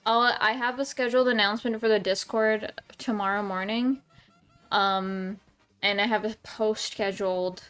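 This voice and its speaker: A woman's voice: mid-range voice, a bit bright, clean tone. A woman streamer chatting casually with her viewers at home, rambling with lots of ums and restarts. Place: home room.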